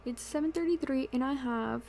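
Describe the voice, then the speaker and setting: A woman's voice: high voice, moderate pace, gravelly, a little hiss or hum. A young woman chatting while she does her makeup, telling an indignant storytime about friends at work. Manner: animated, indignant venting. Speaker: vlogger. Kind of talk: get-ready-with-me storytime chat. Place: at home doing makeup.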